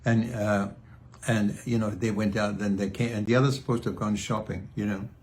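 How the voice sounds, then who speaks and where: An older man chatting in a casual video diary, halting and restarting often, clearing his throat as he tells fond stories about his family. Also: on the low side, steady tone, darkish tone, a little hiss or hum. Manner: fond, reminiscing storyteller. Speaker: singer sharing a video message.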